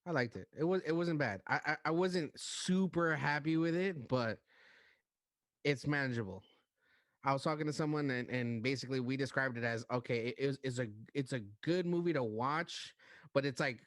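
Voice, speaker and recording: A man's voice: medium pitch, moderate pace, fairly bright tone, dry recording, clean studio sound. A man co-hosting a podcast in casual chat, talking in a hesitant way and repeating his words. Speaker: podcast co-host.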